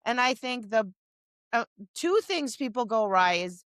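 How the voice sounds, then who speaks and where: A woman's voice: on the high side, lively intonation, normal speed, fairly bright tone, no echo. A woman dog trainer co-hosting a podcast, talking casually and animatedly, acting out her dog's replies and scolding owners with exasperation. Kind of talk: casual chat.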